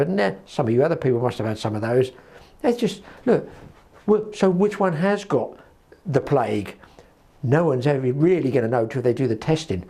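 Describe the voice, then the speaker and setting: A middle-aged Englishman talks off the cuff to his viewers in a rambling, chatty way. His voice sits a little high for a man, and his stories wander from one aside to the next. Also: warm tone. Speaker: fishing channel host. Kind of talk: casual vlog chat. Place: garden cabin.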